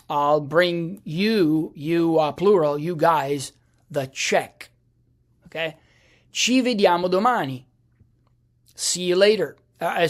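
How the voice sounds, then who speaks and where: A man teaching a lesson, patient and halting, often restarting a phrase and checking in with the listener. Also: fairly high pitch. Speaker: language teacher. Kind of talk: explaining a lesson.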